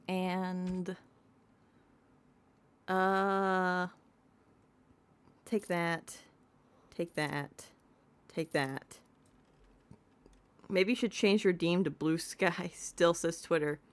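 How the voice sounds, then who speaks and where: A woman's voice: lowish voice, fairly bright tone, smooth. A woman streamer chatting playfully while she plays a game and talks to her cat. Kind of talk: casual gameplay commentary.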